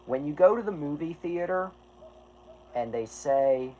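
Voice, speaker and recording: A man's voice: fairly high pitch, expressive, a little slow, mellow, dull audio, slight background noise. A man chatting casually on a livestream, rambling and apologetic, who swears and keeps restarting his sentences. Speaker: streamer.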